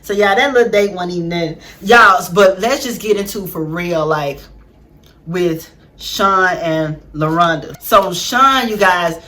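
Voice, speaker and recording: A woman hosting a casual reality-show recap, animated and slangy, often laughing as she talks. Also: fairly low pitch, measured pace. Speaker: vlog host.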